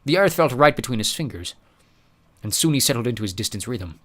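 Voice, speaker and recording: A man narrating an audiobook with expressive storytelling. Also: mid-range voice, fairly quick. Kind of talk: scripted narration.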